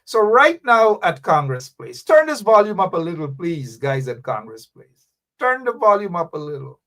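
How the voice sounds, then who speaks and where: On live political talk radio, a male host with a high-pitched voice speaks at a measured pace. Animated and preachy, he reads out viewer comments, calls out names, and presses his listeners with phrases he repeats for emphasis.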